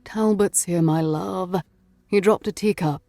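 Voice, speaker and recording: A woman voicing a calm, steady Victorian husband who speaks in a measured, reassuring way. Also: fairly low pitch, no room sound, soft background music.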